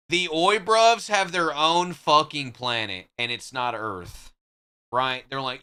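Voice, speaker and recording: A man's voice: a little high, sing-song, a little slow, bright, forceful tone, clear, resonant tone. A man streaming live, trading joking, profane banter with his chat in casual talk.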